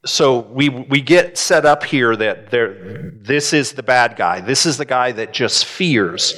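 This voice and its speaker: Man, pastor preaching, lively pitch, slow unhurried delivery, questions to the congregation. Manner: animated, asks the congregation questions. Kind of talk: sermon.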